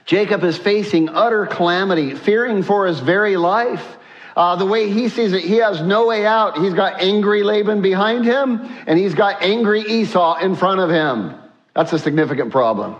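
A male pastor preaches energetically at a moderate pace, his high voice full of exclamations and frequent "uh" fillers, with the highs cut off. He asks the congregation to read verses aloud along with him.

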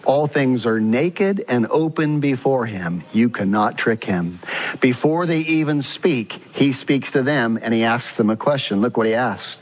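A man's voice: mid-range voice, measured pace. A male pastor preaching a sermon in an earnest style, putting questions to the congregation. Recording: muffled sound with long church reverb.

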